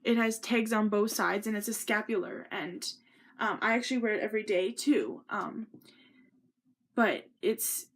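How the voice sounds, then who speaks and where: A young woman telling a personal story in a sit-down vlog, earnest and rambling, with many ums and restarts. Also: mid-range voice. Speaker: vlogger.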